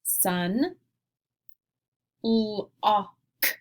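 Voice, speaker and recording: A woman teacher leading a phonics lesson, sounding out each sound slowly and clearly. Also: mid-range voice, lively intonation. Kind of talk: phonics lesson, slow and deliberate.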